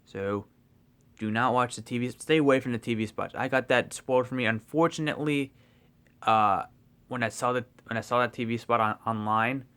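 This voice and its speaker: Young guy rambling on about a movie, excitable, lots of ums and likes, swears a bit, mid pitch. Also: moderate pace, smooth. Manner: swears casually. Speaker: movie vlogger. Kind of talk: casual spoiler review.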